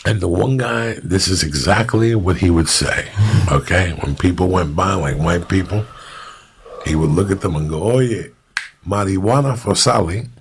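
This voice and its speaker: A man in his fifties, born in Cuba, hosting a casual podcast and telling profane stories in an animated way, imitating the people in them. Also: sits low, moderate pace, gravelly, a little hiss or hum. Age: 50s. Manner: profane, animated storyteller who mimics people. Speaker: podcast host. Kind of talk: casual storytelling chat.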